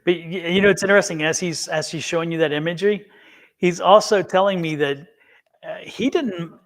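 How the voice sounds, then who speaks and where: A man's voice: high-pitched, a little fast. A man doing a live tarot and psychic reading, earnest and reassuring, who often restarts and repeats words. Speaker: tarot reader.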